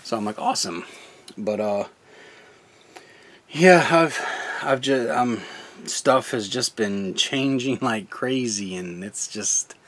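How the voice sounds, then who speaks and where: A man's voice: medium pitch, slow pace, long pauses, a bit bright. A young man, a gaming channel host, talking casually and earnestly about his faith, rambling and laughing often. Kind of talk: casual personal testimony.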